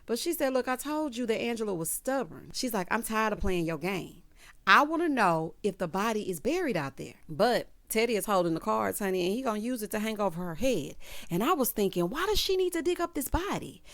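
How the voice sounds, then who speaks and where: A woman casually recapping a TV episode, sassy and animated, acting out the characters' lines. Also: mid-range voice, fairly quick, no room sound. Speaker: recap vlogger.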